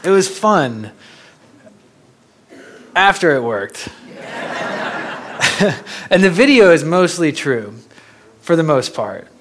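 A young man from Florida giving a talk as a photographer, telling stories in a lively way and laughing often. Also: fairly high pitch, slow, long pauses. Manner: animated, laughing storyteller. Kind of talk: storytelling lecture.

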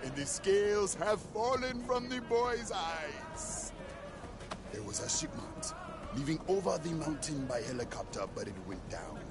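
A zealous preacher who quotes scripture and demands guns. His high voice swings widely as he draws out his words in a slow, booming sermon cadence. Loud game music plays behind him. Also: expressive. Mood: solemn. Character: fanatical preacher-warlord, older man, zealous. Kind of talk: video game cutscene acting.

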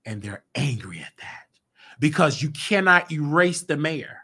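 Animated man hosting a commentary show. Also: on the high side, a little slow, breathy edge. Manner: animated, rising to emphatic outbursts. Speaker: show host.

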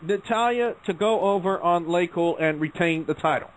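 A man's voice: high voice, moderate pace, low-quality recording. A man hosting an internet radio talk show, emphatic, calling on each panelist in turn. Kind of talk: casual wrestling talk show.

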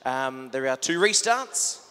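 An Australian man teaching a line dance live in a large hall, calling counts with a bright, forceful voice. His words ring out with a long reverb around them. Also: mid-range voice, expressive, takes it slowly, slight background noise. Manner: calls out step counts with jokes to the crowd.

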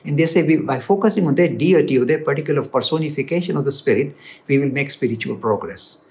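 A man with an Indian English accent, answering viewer questions in an animated, emphatic explanatory talk. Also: fairly high pitch, fast talker. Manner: animated, emphatic, rises when stressing points. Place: London studio.

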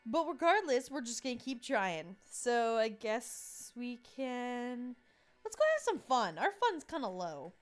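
A woman's voice: fairly high pitch, very animated, a little slow, faint music behind. A young woman hosting a casual let's play, chatty and giggly. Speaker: gaming channel host.

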